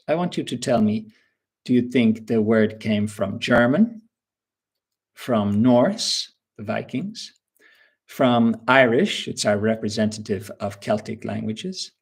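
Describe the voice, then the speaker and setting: A man's voice: mid-range voice, darkish tone, husky. A male English teacher giving a live webinar lesson, patiently quizzing viewers and reading out their answers.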